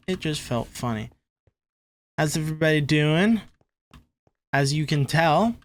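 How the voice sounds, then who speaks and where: A man's voice: fairly high pitch, unhurried, pauses often. A man hosting a gaming channel, chatting casually and rambling through gameplay commentary with lots of fillers and a loose, self-mocking, easygoing manner.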